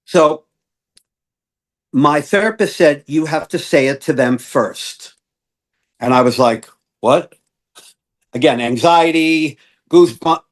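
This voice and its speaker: Guy coach opening up on a podcast, kinda high voice, lots of "you know" and restarts. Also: a little slow, long pauses. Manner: earnest, many fillers and restarts. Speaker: guest, self-awareness coach. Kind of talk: emotional personal storytelling.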